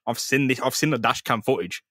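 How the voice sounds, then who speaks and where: A man's voice: medium pitch, fairly quick, pushed and bright, husky, no echo, studio quality. A man, a podcast co-host retelling a comic in casual, sweary banter and acting out the characters' lines. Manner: loose, sweary storytelling that acts out characters' lines. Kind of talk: casual comic chat recapping a comic.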